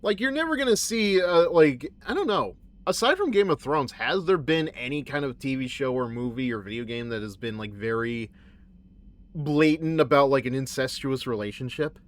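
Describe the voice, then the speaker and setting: A man streaming a game who talks in a rambling, animated way and often corrects himself mid-sentence. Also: medium pitch, moderate pace. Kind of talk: casual game commentary.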